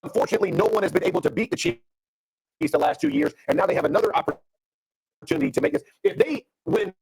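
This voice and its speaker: A man analyzing football on a sports talk show, measured and explanatory. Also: high voice, huge pitch swings, gravelly, a little mellow, slightly rough, dry recording, rough recording.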